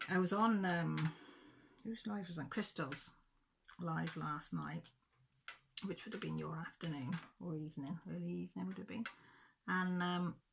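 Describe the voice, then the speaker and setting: Middle-aged woman, chatty storyteller, gravelly low voice with a bright edge. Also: a little hiss or hum. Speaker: craft vlogger. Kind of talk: casual chat.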